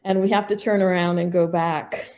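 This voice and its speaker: A middle-aged woman, a podcast guest, telling a personal story in a lively way with restarts. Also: lowish voice, normal speed. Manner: animated, acts out quoted dialogue, frequent restarts. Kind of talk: casual storytelling in an interview.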